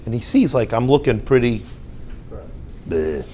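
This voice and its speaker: Animated older man telling a story. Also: mid-range voice, measured pace, a little hiss or hum. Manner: animated storyteller acting out dialogue. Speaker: rabbi and yeshiva head. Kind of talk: storytelling lecture.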